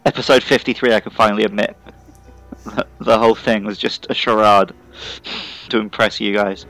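A man's voice: lowish voice, steady tone, normal speed, a bit bright, faint music behind, rough recording. A man co-hosting a gaming podcast, sleepy and sweary, laughing often in casual chat. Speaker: podcast co-host.

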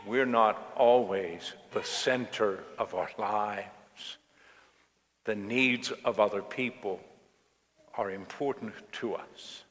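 A male pastor preaching a sermon in a church, telling stories in a slow, storytelling way. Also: fairly low pitch, fairly bright tone. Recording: long reverb of a church hall.

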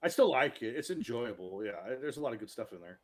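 A man co-hosting a podcast in casual chat, opinionated and quick to react. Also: mid-range voice, sing-song, crowd noise. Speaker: podcast co-host.

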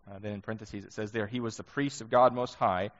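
A man's voice: lowish voice, fairly even intonation, fast talker. Guy giving a sermon, chatty, asks lots of questions, muffled and echoey like a big church. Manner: conversational, rhetorical questions. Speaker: pastor. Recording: muffled sound with long hall reverb.

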